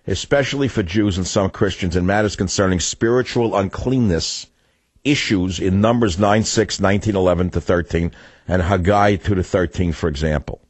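A New talk radio host with a low, husky voice tells rambling, sardonic stories that drift from one subject to another. His voice sits close and dry on a studio microphone with no room sound around it. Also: no echo. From New York. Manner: rambling, digressive, sardonic storytelling.

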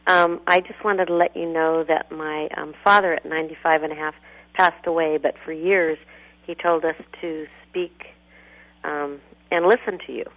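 A woman calls in to a radio talk show, speaking politely and earnestly, pausing often with hesitant ums. Her voice sits low. It comes through a thin, tinny phone line. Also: steady tone. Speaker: caller.

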